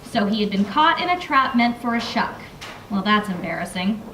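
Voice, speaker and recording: A young adult woman author reads aloud from her novel in a library room, adding casual asides full of fillers between passages. Her mid-range voice is expressive and fairly bright at a moderate pace, captured from far off in an echoey room with a little hiss or hum.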